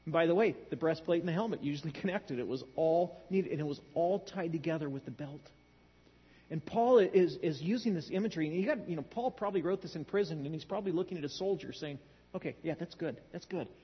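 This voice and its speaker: A man's voice: a little high, quick pace, breathy edge. A middle-aged man preaching a sermon, telling stories in a conversational way with dry humor. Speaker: pastor. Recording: dull lo-fi sound in a large hall.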